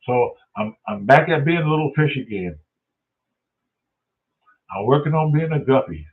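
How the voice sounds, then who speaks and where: A man's voice: medium pitch, animated, moderate pace, recorded from a distance. Profane man on a tinny line. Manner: swears constantly, acts out characters in voices. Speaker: host. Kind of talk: profane street-style Bible retelling. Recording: tinny phone-like sound, voice off-mic.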